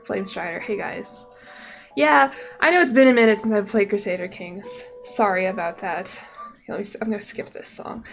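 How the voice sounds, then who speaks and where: A woman's voice: mid-range voice, creaky. A young woman chatting casually on a livestream, rambling and breaking off her own sentences as she talks. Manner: rambling, chatty, self-interrupting. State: slightly out of breath. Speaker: streamer. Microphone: desk microphone, no camera. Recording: faint music behind voice.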